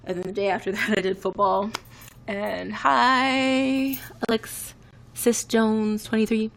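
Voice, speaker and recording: A woman's voice: mid-range voice, a little slow, creaky, fairly bright tone, slight background noise. A woman in her twenties chatting casually on a live stream, rambling and reacting to viewer comments. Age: 20s. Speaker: livestreamer.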